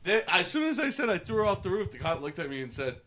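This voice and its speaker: A man's voice: high-pitched, very animated, fast, a crowd in the background. A man co-hosting a casual comedic podcast, joking and spinning wild stories.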